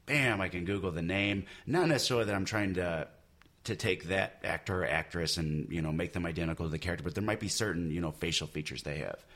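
Man, very low voice, comic artist, casual chat, rambling fillers. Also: fast, a bit bright. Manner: rambling, many you-knows and restarts.

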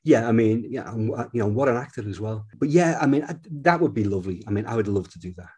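A middle-aged man with a husky, breathy voice that sits on the low side. He talks as an interview guest, rambling loosely and circling back with fillers and restarts. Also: animated, fast, darkish tone. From Liverpool, England. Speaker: guest, film composer. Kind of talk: casual chat.

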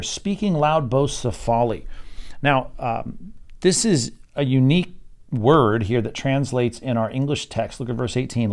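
Male pastor leading evening Bible study; mid-pitched, searching delivery, reads scripture then unpacks it. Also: a little mellow. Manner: thinking aloud with frequent uh and repeated words.

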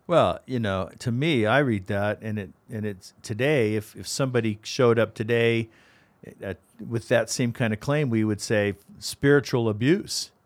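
A man, a pastor and co-host, explaining in a casual discussion, thoughtful and halting with frequent restarts. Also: medium pitch.

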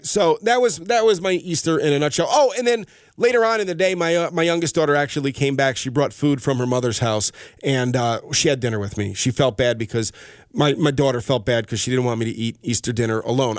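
A man's voice: medium pitch, dry recording, studio quality. A man hosting his own podcast, talking in a rambling, heartfelt way that often stops and restarts mid-sentence. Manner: rambling, heartfelt, self-interrupting. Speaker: podcast host. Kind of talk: personal podcast monologue. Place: radio station studio. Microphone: studio microphone.

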